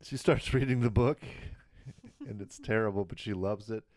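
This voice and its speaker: A man's voice: fairly low pitch, a little mellow, no echo, clean studio sound. A man casually recapping a TV episode on a podcast, laughing as he retells the scenes. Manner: retells scenes with quick acted quotes, often laughing. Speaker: podcast co-host.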